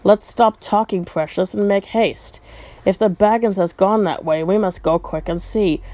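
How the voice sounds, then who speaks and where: A woman's voice: medium pitch, moderate pace, dark tone, no room sound, natural voice. Woman voicing a hissing, whining old cave creature who argues with himself in broken grammar; storybook reading, dry close sound. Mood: muttering. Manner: whiny, broken grammar, repeats words.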